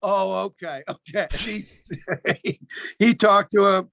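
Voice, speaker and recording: A man's voice: sits high, takes it slowly, creaky, pushed and bright, no room sound. A man co-hosting a call-in show, chatting loosely and comically, swearing and laughing as he goes. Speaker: comedian co-host. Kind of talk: casual comedic chat.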